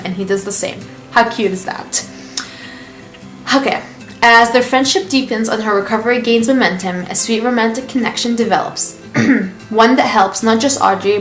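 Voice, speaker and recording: A young woman vlogging about books, gushing and chatty, with lots of likes as she reads passages aloud. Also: on the high side. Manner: bubbly and gushing, with many likes. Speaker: book vlogger. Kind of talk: casual book review and reading aloud. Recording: roomy with faint music.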